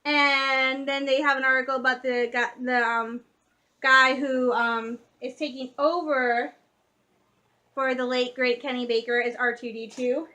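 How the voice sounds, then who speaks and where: A young woman from Michigan talks straight to camera in a casual vlog, her voice high and bright. She gushes like an eager fan, tumbling through fillers and restarts. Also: measured pace. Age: young adult. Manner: excitable, gushing fan talk with many fillers. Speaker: vlogger.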